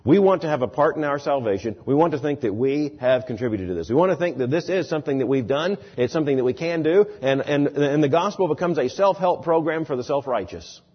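A man preaching a sermon, expressive, dropping low and soft, then rising loud and emphatic. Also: fast, few pauses, breathy edge, lo-fi sound.

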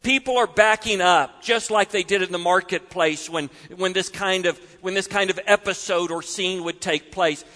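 A man preaching a sermon in an expressive way, acting out voices and often dropping suddenly soft. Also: high voice, normal speed, few pauses, long reverb tail.

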